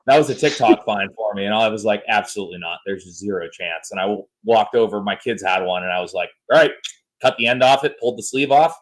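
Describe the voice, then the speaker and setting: A man hosting a podcast in casual chat, joking and animated as he tells stories. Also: lowish voice, quick pace. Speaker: podcast host.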